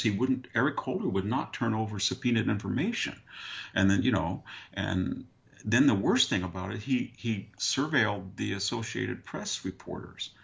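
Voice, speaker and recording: A man's voice: lowish voice, vocal fry, a bit bright. An older man, a guest on a talk show, telling long dry anecdotes in conversation and slipping into other people's voices to quote them. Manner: dry, anecdotal, mimics others mid-story. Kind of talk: conversational storytelling. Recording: dull lo-fi remote audio.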